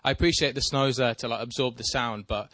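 A man's voice: mid-range voice, a little fast, no echo. A man telling a rambling, self-deprecating story in casual chat with a co-host. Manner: rambling, self-deprecating, animated when excited.

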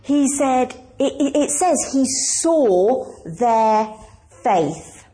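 A woman's voice: high-pitched, lively intonation, very slow, mellow. A woman pastor preaching a conversational, emphatic sermon and asking the congregation questions.

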